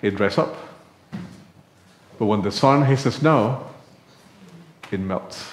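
A man's voice: fairly low pitch, slow pace, a little hiss or hum. A man preaching a sermon in a church, telling a personal story in a conversational way and acting out the dialogue. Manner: conversational, acts out quoted dialogue. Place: church sanctuary. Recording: echoey church room.

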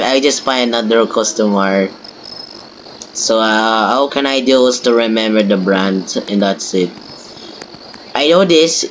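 A young man with a Filipino accent gives rambling, self-mocking, excitable commentary while playing a game. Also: mid-range voice, unhurried. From Philippines. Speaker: gameplay streamer. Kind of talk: casual gameplay commentary. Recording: noisy home recording with crickets and traffic.

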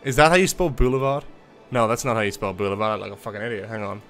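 A man's voice: on the low side, rapid-fire, fairly bright tone, faint music behind. A man casually commentating his own city-building livestream, swearing often, mocking himself and talking to his chat. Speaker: streamer playing a city-building game.

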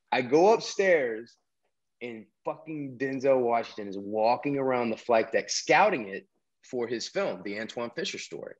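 A man's voice: medium pitch, expressive, normal speed, highs cut off. A man, telling a long story as a podcast guest, full of restarts and fillers. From American South. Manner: rambling, many restarts and fillers. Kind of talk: casual storytelling interview.

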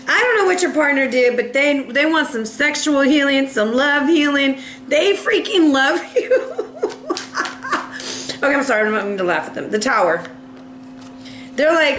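High-pitched woman doing a goofy tarot reading, laughing, bit of a cough, echoey room with faint hum. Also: animated, normal speed, pauses often, fairly bright tone. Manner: playful, laughing, acts out little voices. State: coughing now and then. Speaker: tarot reader.

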